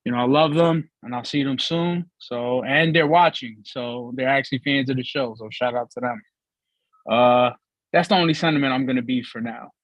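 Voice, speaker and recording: A man's voice: medium pitch, moderate pace, no echo, low-quality recording. Guy co-hosting a sports show, teasing and trash talking, dry close mic. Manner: teasing, animated trash talk. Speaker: co-host. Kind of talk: casual sports talk show.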